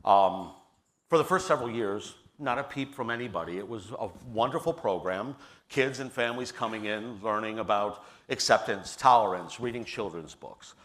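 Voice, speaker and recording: A middle-aged man speaking on a panel in an earnest, personal storytelling manner, with a low voice. He often restarts his phrases as he talks. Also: normal speed, a bit bright. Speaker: panelist, theater leader. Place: stage at a public forum.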